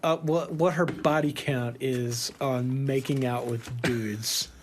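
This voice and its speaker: A man telling a tour story in a casual, animated way, laughing often and swearing freely. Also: mid-range voice, slow pace, noisy background.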